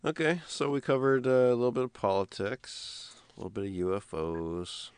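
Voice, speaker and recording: A man co-hosting a podcast in casual chat, telling stories in a rambling, animated way with many restarts. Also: medium pitch, normal speed, clean tone, no room sound, clean studio sound. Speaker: podcast co-host.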